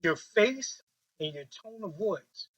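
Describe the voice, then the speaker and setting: A man leading a training workshop with a group, talking in a lively, joking way and acting out quoted voices on a handheld mic. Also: high-pitched, slow pace, husky, rough recording.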